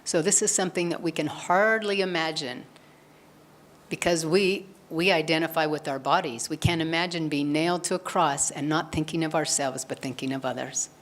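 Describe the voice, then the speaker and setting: A woman's voice: low voice, moderate pace. A woman giving a spiritual satsang talk, earnestly retelling a gospel story and acting out the quoted lines. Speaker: satsang speaker.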